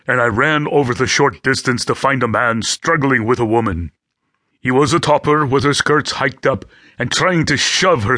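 A man's voice: mid-range voice, pushed and bright, no echo. A man reading a first-person audiobook with gritty, vivid storytelling, close to a studio mic. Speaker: audiobook narrator.

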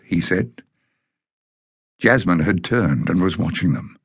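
A man narrating a children's fantasy audiobook in a measured, deliberate way. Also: low voice, lively intonation, husky, dry recording, studio quality. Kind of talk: scripted narration of a children's novel.

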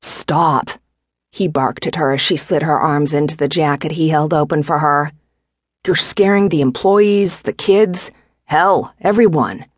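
Cocky, teasing husband. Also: male voice, on the high side, measured pace, dry recording, studio quality. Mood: scolding. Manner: teasing, confident, soft. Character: teasing devoted husband, cocky, adult man. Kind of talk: audiobook character voice.

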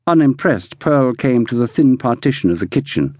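A man narrating a novel in a measured, descriptive reading, recorded close in a studio. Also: medium pitch, big pitch swings, darkish tone, dry recording. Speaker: audiobook narrator. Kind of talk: scripted narration. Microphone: close studio mic.

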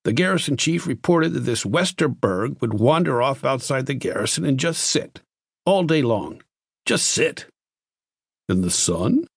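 A man's voice: medium pitch, sing-song, unhurried, vocal fry, slightly rough, dry recording, studio quality, voice pushed up, full character voice. A male narrator voicing a good-natured but gloomy base commander, baffled as he reports.

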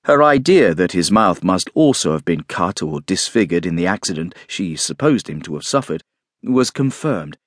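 A man narrating a classic novel in a measured, expressive storytelling voice. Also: low-pitched, no echo, studio quality. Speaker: audiobook narrator.

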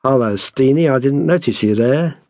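A fawning tenant played by a man, pleading and theatrical, lifted above the narrator's usual pitch. Dry, close recording. A storybook underdog begging for time. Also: normal speed, darkish tone, no room sound, close to an everyday voice.

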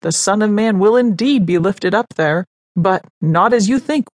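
A woman reading the part of a calm, gentle young man, speaking to his mother in a soft, measured way. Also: mid-range voice, no echo, natural voice.

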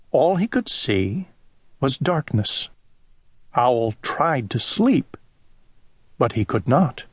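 A male narrator reads a children's story slowly and gently, his pitch rising and falling with lots of life. The recording is dry and close, with no room sound at all. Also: husky, no echo. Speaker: audiobook narrator.

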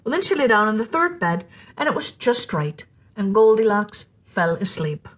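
A woman narrating a children's storybook in an animated, playful way, sometimes dropping to a whisper for suspense. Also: mid-range voice, moderate pace. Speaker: storyteller host.

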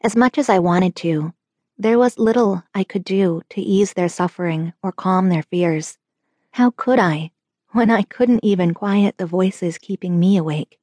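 A woman's voice: lowish voice, mellow, dry recording. Woman narrating an audiobook, dry and close. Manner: measured, earnest storytelling. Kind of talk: scripted first-person narration.

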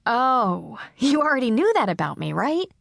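A woman voicing a sardonic, self-mocking teenage girl who talks quickly and chattily. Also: a little high, big pitch swings, gravelly, no echo, studio quality, exaggerated voice. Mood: chatty.

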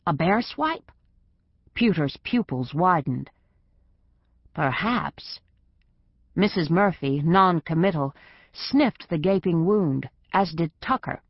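Woman narrating with a low voice. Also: lively intonation, slow, pauses often, no room sound, lo-fi sound. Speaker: audiobook narrator. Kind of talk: scripted narration.

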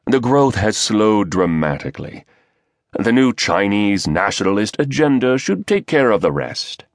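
A man voicing a smug, scheming male conspirator with a British accent and a baritone voice, measured and sneering. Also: very animated, no room sound, clean studio sound.

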